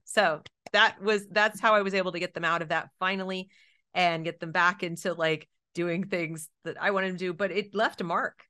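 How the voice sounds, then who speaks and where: Animated middle-aged woman telling stories. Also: fairly low pitch, moderate pace. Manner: animated, acts out quoted voices. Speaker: education consultant, interview guest. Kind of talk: storytelling in an interview.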